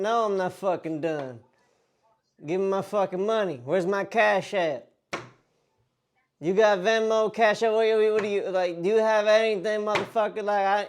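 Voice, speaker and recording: A man playing a rough stranger who demands money he says is owed, swearing constantly and pressing harder and harder during a prank call. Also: high voice, measured pace, a little hiss or hum. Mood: angry. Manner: profane, pushy, escalating. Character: aggressive man threatening a stranger over a debt. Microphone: podcast mic.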